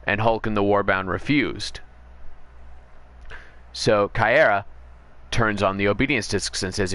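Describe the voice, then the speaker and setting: A man talks casually over his game stream, retelling a story in a rambling way. His voice sits a bit low but sounds bright and forward. He stops to correct himself, then rushes ahead in quick bursts. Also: fairly even intonation. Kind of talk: casual storytelling while gaming.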